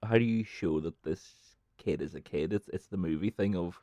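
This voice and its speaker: A man's voice: deep voice, dark tone, no room sound, dull audio. A man with a Northern Irish accent, a filmmaker guesting on a film podcast, chatting casually and tossing in crude jokes. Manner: playful, quick with crude jokes. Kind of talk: casual chat.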